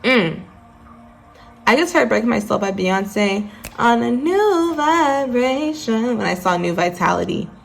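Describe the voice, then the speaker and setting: A woman's voice: on the high side, expressive, slow, gravelly, faint music behind. A woman giving a casual tarot reading to her viewers, chatty and mixing readings from the deck's guidebook with asides to the audience. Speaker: tarot card reader.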